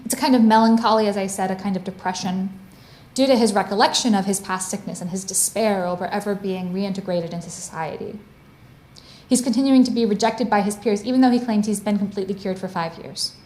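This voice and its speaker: A woman lecturing in a room with a noticeable echo. Her pitch sits in the middle range. She talks in a clear, explanatory way and pauses to spell out each term for her listeners. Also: steady tone, darkish tone. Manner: clear, explanatory, stops to define terms. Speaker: guest lecturer. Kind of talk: academic lecture. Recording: roomy echo.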